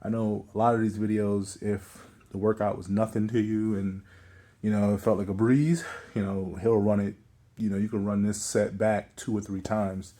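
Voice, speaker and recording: A man's voice: on the low side, warm tone. Slightly winded man giving a casual update. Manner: rambling, many fillers and restarts. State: slightly out of breath. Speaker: vlogger. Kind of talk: casual fitness update vlog.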